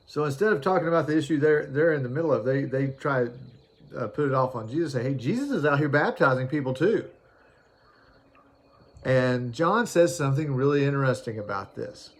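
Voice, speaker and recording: Male preacher, mid pitch, relaxed sermon with lots of ums and restarts. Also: normal speed. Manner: conversational, many fillers and restarts, reads scripture aloud. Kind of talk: informal sermon.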